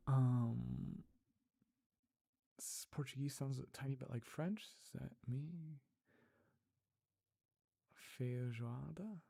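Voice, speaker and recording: A man's voice: mid-range voice, extremely slow, gravelly, pauses often, a little mellow, slightly rough. A man casually chatting on a livestream, reading chat, laughing often and repeating words as he tries out pronunciations. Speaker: streamer reading live chat.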